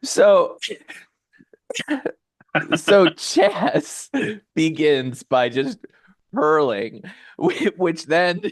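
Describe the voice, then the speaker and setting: A man narrating a tabletop game as game master, halting with fillers and laughing often. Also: fairly high pitch, very animated, dry recording.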